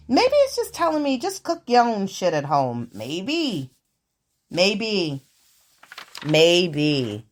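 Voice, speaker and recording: A woman hosting her own show, telling everyday stories in a sassy, profane, animated way. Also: medium pitch, takes it slowly. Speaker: podcast host. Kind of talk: casual storytelling monologue.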